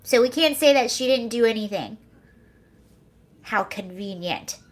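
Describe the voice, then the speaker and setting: Young woman livestreaming, high voice, sarcastic and giggly, reading chat comments. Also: animated, measured pace. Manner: sarcastic, laughing, chatty. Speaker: livestream host.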